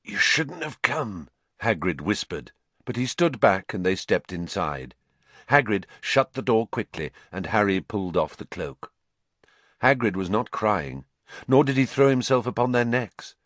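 A man narrating a storybook as an audiobook, with an expressive, dramatic reading. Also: fairly low pitch, unhurried, no echo.

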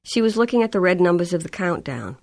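Low-voiced woman reading a novel. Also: sing-song, fast, creaky, darkish tone. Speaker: audiobook narrator. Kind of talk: scripted narration.

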